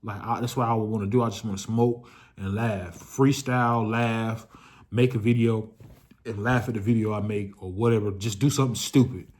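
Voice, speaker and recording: A young adult man telling a story to his viewers in a loose, slangy, casual way, swearing freely, his voice jumping up when excited and dropping low when reflective. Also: normal speed. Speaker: vlogger.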